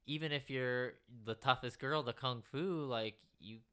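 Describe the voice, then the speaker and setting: A woman's voice: rumbling low, a little slow, a bit bright, clear, resonant tone. A woman co-hosting a casual movie review podcast, laid-back and slangy. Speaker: podcast co-host.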